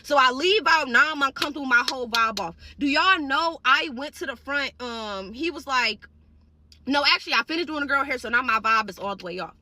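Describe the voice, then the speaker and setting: A woman's voice: high-pitched, lively intonation, brisk, sharp tone. A young woman hairstylist telling a casual storytime straight to her viewers, blunt and profane.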